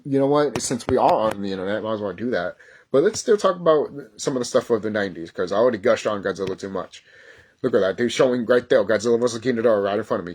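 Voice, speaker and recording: A man in his thirties, talking off the cuff in a casual vlog. His voice sits at an everyday middle pitch, and he rambles excitedly, swears freely and trips over his own words when he gets carried away. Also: slightly rough. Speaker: YouTuber. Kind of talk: casual nostalgic vlog talk.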